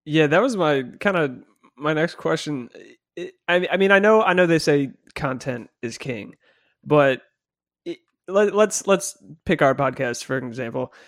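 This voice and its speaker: A man co-hosting a podcast who asks the guest questions in a casual, halting way and restarts his sentences often. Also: on the high side, animated, a bit bright, dry recording, clean studio sound. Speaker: podcast co-host.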